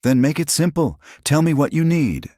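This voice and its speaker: A man voicing a shaken young father who pleads hoarsely to help his daughter, in a story narration. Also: low voice, big pitch swings, measured pace, no room sound, clean studio sound, heavily acted. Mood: frantic.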